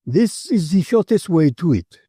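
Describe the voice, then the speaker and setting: A man voicing a quiet, reserved older count who speaks curtly and impatiently. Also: high-pitched, sing-song, unhurried, slightly rough, dry recording, studio quality, voice pushed up, exaggerated voice. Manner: curt, impatient.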